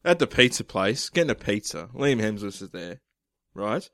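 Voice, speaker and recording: Animated man telling a story. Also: fairly low pitch, normal speed, dry recording, studio quality. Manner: rambling, jokey storytelling. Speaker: podcast co-host. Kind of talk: casual banter.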